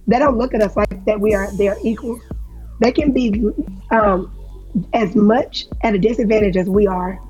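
A female co-host making thoughtful, measured points in a casual talk-show discussion. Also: medium pitch, dark tone, soft background music, low-quality recording.

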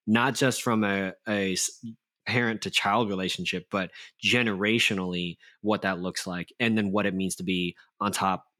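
A man's voice: low-pitched, steady tone, moderate pace, pushed and bright. A man co-hosting a podcast, talking in a reflective, casual way with playful asides. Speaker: podcast co-host.

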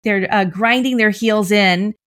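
A woman co-hosting a podcast, lively and chatty, laughing easily and quoting kids in a high voice. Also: measured pace. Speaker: podcast co-host. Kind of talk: podcast conversation.

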